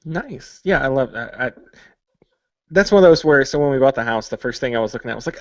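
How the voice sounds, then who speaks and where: A man hosts a podcast in a mid-range voice, talking fast and casually, cracking jokes and using plenty of filler words. The recording is muffled but has no echo.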